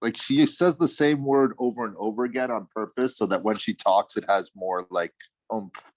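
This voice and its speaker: A man on a casual video call, minding a toddler and talking about her in a doting, animated way. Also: fairly low pitch, moderate pace. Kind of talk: casual group video chat. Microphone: computer mic on a video call.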